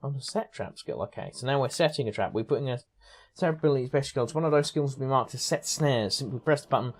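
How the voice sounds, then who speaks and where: A chatty man streams a game and rambles through casual commentary, often circling back and correcting himself. His pitch is middle for a man. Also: quick pace. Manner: chatty, rambling, self-interrupting. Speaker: gaming streamer. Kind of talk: casual let's-play commentary.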